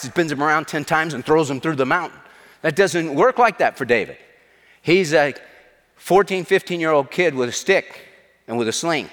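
A male preacher telling a story in an animated, dramatizing way during a revival sermon. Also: long reverb tail. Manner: animated, dramatizing, shifts pitch for effect.

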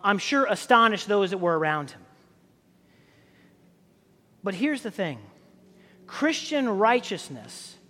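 High voiced guy preaching a sermon, chatty and rambling, lots of restarts, big echoey church reverb. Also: sharp tone. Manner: conversational storytelling with many fillers and restarts. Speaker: pastor.

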